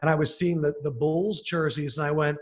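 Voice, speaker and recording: Animated male sports host. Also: a little high. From Philadelphia area. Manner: animated storyteller, fast excited bursts. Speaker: sports TV host, podcast guest. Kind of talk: casual podcast interview.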